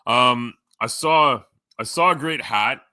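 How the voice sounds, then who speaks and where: Bright-voiced man rambling on a live stream. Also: mid-range voice, takes it slowly, dry recording, clean studio sound. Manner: rambling, jokey, swears casually; many fillers, jumps between topics. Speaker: live streamer reading chat. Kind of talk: casual live-stream chat.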